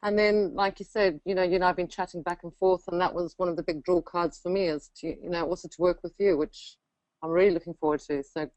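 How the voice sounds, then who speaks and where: A woman from Africa with a colonial African English accent, a guest chatting in a friendly, relaxed way on a call. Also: lowish voice, fast talker, dry recording, dull audio. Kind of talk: interview on a call.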